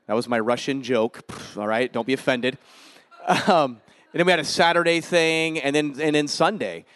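A man giving a guest sermon in a church, casual and joking, with energetic preaching. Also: mid-range voice, normal speed, smooth, no echo. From Denver area, US. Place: church sanctuary.

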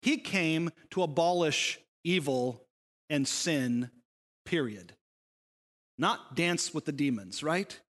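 A man's voice: a little high, expressive, slow, fairly bright tone, in a large hall. A male pastor preaching a sermon, emphatic and full of rhetorical questions.

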